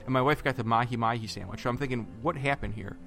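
A man's voice: mid-range voice, fast, gravelly, soft background music. Chatty man telling a trip story. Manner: animated storyteller, acts out quotes, many fillers and restarts. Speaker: podcast co-host. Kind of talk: casual podcast storytelling.

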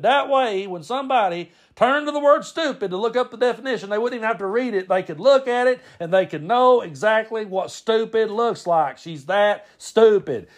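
A man imitating a loud, blunt man who barks orders and lectures in a harsh tone. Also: high-pitched, pitched above the performer's own voice.

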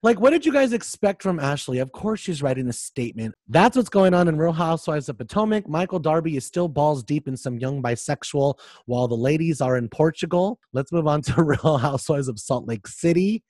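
Animated profane podcast host, man. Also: a little high, a little fast, hardly any pauses, no room sound, clean studio sound. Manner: animated, profane storytelling with joking asides. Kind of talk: casual pop culture chat.

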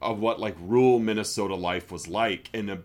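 A man's voice: fairly low pitch, a little fast. A man co-hosting a movie podcast, chatting casually in a rambling way and laughing often. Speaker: podcast co-host.

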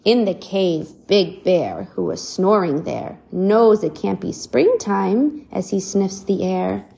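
A woman reading a picture book aloud to a child, pausing to ask questions about the pictures. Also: mid-range voice, vocal fry. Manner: animated, asks the child questions. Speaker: reader to a child.

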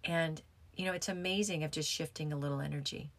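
A woman's voice: low-pitched, fairly even intonation, fast, a bit bright. A woman yoga teacher talking in a casual, rambling way, with frequent restarts and fillers. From United States. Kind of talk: casual reflective talk.

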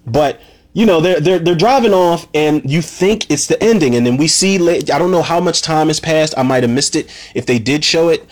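A man's voice: a little high, expressive, normal speed. A man casually recapping a movie scene by scene, rambling and swearing freely, with lots of "you know" and "man". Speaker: movie reviewer.

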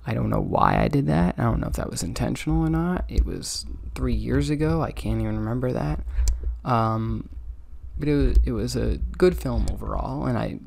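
A man's voice: mid-range voice, animated, moderate pace, gravelly, a little mellow. A tired young man hosting his own podcast, rambling casually with lots of ums and self-critical asides. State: tired, yawning. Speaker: podcast host. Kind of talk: casual solo podcast review.

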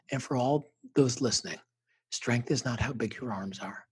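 A middle-aged man with a strongly husky, rough-edged voice, speaking as an interview guest. He talks like a motivational speaker, emphatic and intense, driving his points home with punchy, repeated phrases. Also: medium pitch, normal speed. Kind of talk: emotional personal storytelling.

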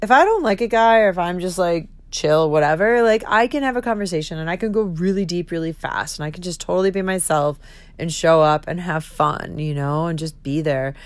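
A woman's voice: lowish voice, brisk, no room sound. A woman in her thirties hosting her own podcast, talking candidly, giggling often and swearing freely. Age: 30s. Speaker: podcast host. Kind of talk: candid solo podcast monologue.

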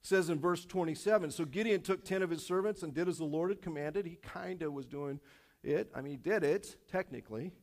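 A man preaching in a church sanctuary, his voice pitched high for a man and swinging between rising intensity and quiet lows. He repeats phrases for emphasis and slips in wry asides to the congregation. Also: brisk. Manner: animated, repetitive, with self-aware jokes. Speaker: pastor. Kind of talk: sermon.

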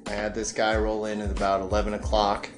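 A man's voice: on the low side, fairly quick, over music. A man co-hosting a podcast, telling a long workplace story in casual chat and often acting out the people in it. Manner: animated storyteller who mimics customers in raised voices. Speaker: podcast co-host.

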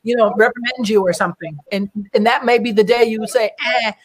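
A talk show host in relaxed conversation with guests, telling a personal story in a chatty, animated way. The voice sits at an average pitch and switches into quoted voices as the host goes. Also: a little fast. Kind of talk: casual group discussion.

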